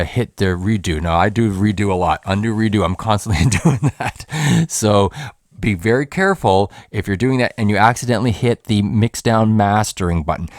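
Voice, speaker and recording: A man's voice: on the low side, dry recording. A man hosting a home recording tutorial in his own studio, explaining in a rambling, casual way with many fillers and restarts.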